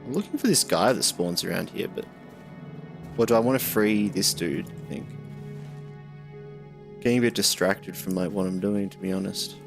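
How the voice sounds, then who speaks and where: A man's voice: sits low, normal speed, gravelly, pauses often, over music. A young man chatting casually while streaming a game, rambling and answering chat.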